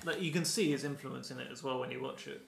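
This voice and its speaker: A man's voice: medium pitch, fast talker, creaky, a loud crowd. A man co-hosting a casual film chat, with dry, wry quips. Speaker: podcast co-host. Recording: echoey room.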